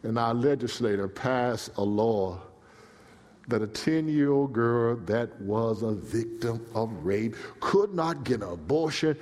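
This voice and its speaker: A male preacher telling a story in a dramatic sermon, swinging from hushed to shouting. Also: medium pitch, animated, slow pace. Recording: long reverb in a large hall.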